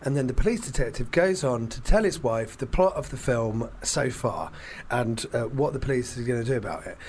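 A man hosting a casual podcast chat, retelling film scenes in a rambling, animated way with lots of fillers. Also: medium pitch, fairly quick, a little hiss or hum. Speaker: podcast host.

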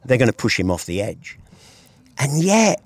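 A man's voice: medium pitch, wildly swooping pitch, moderate pace, dry recording. A British man explaining a Bible story in an earnest, conversational way on a hilltop, with rhetorical asides. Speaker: Bible teacher guest. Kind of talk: outdoor conversational Bible teaching. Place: hilltop cliff edge outdoors.

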